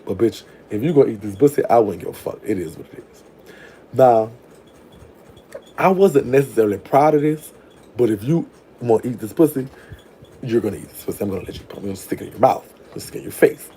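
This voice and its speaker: A man's voice: fairly low pitch, lively intonation, quick pace, dark tone, slight background noise. A young adult man telling a crude story in a casual, brash way, laughing and trailing off into murmurs. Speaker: vlogger telling prison stories.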